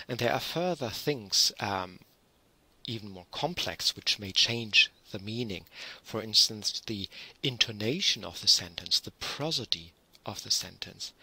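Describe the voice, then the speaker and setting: Man, university lecturer, online lecture, husky, sharp bright tone, lower pitch, measured explaining, ums and restarts. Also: low-quality recording.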